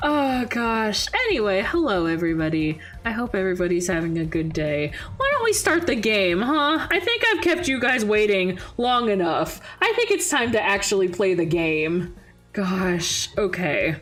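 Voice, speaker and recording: A woman streamer chatting casually and reading game narration aloud, laughing easily. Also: fairly low pitch.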